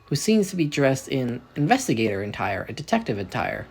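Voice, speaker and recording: Animated rambling young storyteller. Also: male voice, medium pitch, a little fast, vocal fry, few pauses, breathy edge. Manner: rambling, self-correcting, animated. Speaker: fan fiction storyteller. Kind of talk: casual narrated fan story.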